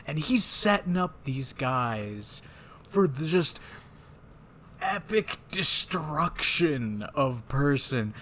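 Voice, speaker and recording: Profane, animated podcast host man. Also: medium pitch, slow, a little hiss or hum. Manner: loose, profane, animated retelling. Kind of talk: casual movie discussion.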